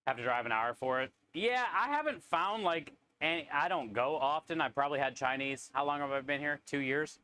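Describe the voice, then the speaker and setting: A man's voice: fairly high pitch, lively intonation, a little fast, hardly any pauses, pushed and bright, clear, resonant tone, no echo. Joking man chatting on a live stream. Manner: joking, chats with viewers. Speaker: streamer and food truck cook. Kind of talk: casual live-stream chat.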